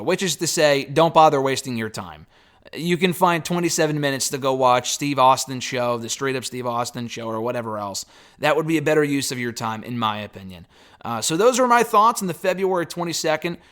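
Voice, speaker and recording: A man with a slightly higher voice talks through a wrestling talk show on his own. He is blunt and opinionated, swears now and then, and wanders loosely through his points with fillers and restarts. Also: a bit bright. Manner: blunt, opinionated, a bit profane. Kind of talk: casual solo review.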